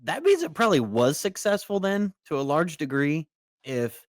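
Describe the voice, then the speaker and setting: A man's voice: on the high side, big pitch swings, normal speed, no room sound, studio quality. A man co-hosting a political commentary podcast, reading news excerpts aloud and breaking into casual asides. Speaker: co-host.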